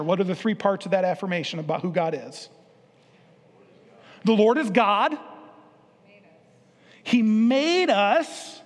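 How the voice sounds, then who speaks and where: A pastor delivers a sermon, teasing and questioning his congregation as he goes. His voice sits high for a man. The long reverb of a church hall hangs behind every phrase. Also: slow pace, pauses often. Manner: playful, engaging the congregation with questions. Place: church sanctuary.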